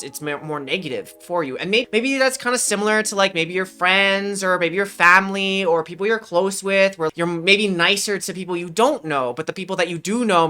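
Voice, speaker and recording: A woman with a lowish voice and a bright, forceful edge talks through her ideas in a loose, slangy podcast chat. She coaches players and laughs often as she works through a point. Her delivery stays relaxed and conversational. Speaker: podcast host and mental performance coach. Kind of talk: casual podcast talk.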